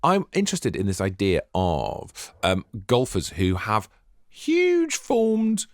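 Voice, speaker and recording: A man's voice: fairly low pitch, huge pitch swings, slow, no echo, studio quality. A young man co-hosting a podcast, chatting in a rambling, self-deprecating way. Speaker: podcast co-host. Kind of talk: casual chat.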